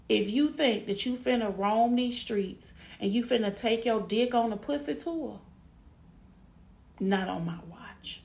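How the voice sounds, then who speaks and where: A woman's voice: medium pitch, creaky. A woman giving frank relationship advice to women in a blunt, emphatic monologue, often repeating herself.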